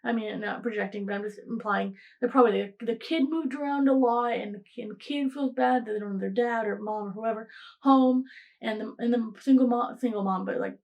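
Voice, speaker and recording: A woman's voice: a little high, fairly quick, vocal fry, muffled recording. A young woman hosting a casual solo podcast, rambling with lots of restarts and frequent laughter. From Greek heritage, raised in the United States. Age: young adult. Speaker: podcast host.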